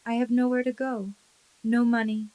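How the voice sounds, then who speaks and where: A woman's voice: fairly high pitch, level tone, moderate pace, mellow, no room sound, lightly acted, rough recording. A woman voicing a broke, desperate older sister who pleads with a cracking voice. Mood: pleading.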